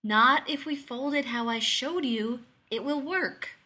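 A woman voicing a laid-back male pilot who talks in a slow drawl. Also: high-pitched, sharp tone, husky, voice pushed up, heavily acted. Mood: firm.

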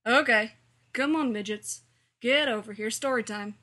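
A woman voicing a grumpy, sarcastic young male teacher who talks bluntly and gruffly. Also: a little high, normal speed, bright, forceful tone.

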